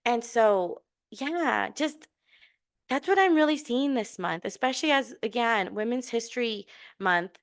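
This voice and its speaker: A woman's voice: fairly high pitch, expressive, a little slow. A middle-aged woman hosting a podcast, telling a casual story and encouraging listeners, laughing often and restarting her sentences. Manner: laughing, chatty, many restarts and fillers; warm and encouraging. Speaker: podcast host.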